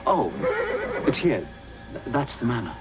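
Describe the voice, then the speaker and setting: A man's voice: mid-range voice, sing-song, measured pace, vocal fry. An actor playing a man who vouches for a fortune-teller in court, speaking urgently in a distant TV clip with music.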